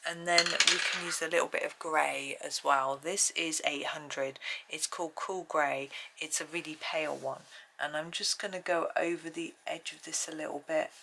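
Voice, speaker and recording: A woman's voice: deep voice, steady tone, moderate pace, creaky, noisy background. A woman hosting a colouring channel at home, chatting and thinking aloud as she works through a casual tutorial.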